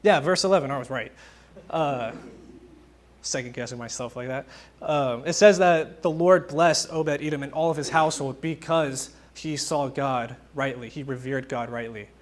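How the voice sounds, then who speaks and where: A man's voice: medium pitch, moderate pace. A young man preaching a casual, conversational sermon, telling stories and acting out quotes informally. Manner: informal, animated storytelling with acted-out quotes.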